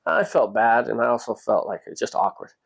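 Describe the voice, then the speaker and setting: A man hosting a podcast, telling a personal story in a casual, animated way and jumping his pitch up when he quotes people. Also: brisk, gravelly. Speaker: podcast host.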